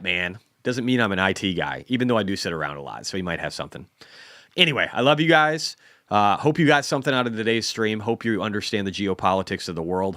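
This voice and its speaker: A man's voice: sits low, a bit bright, dry recording, clean studio sound. A man in his forties hosting a casual stock market livestream, rambling and self-deprecating, often repeating words. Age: 40s.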